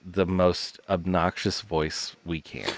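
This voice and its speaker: Low, slow man with dry teasing humor. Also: little pitch movement, no echo. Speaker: podcast co-host. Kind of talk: casual comedic chat.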